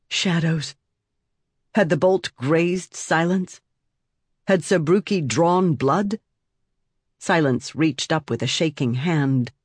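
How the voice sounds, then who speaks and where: A narrator reading a dark fantasy story in a measured, dramatic way on a close mic. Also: medium pitch, slightly rough, no echo. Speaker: audiobook narrator.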